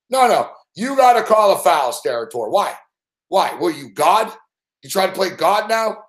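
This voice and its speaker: A man's voice: high-pitched, expressive, normal speed. A young man hosting late-night sports betting commentary, ranting angrily and swearing at a referee. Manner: profane angry ranting.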